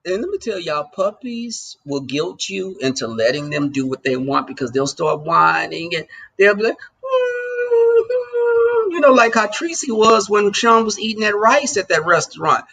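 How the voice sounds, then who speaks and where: Gravelly, bright-voiced man chatting with viewers. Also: high-pitched, big pitch swings, normal speed. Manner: loose and joking, talks straight to the chat. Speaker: livestream host. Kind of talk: casual chat with live viewers.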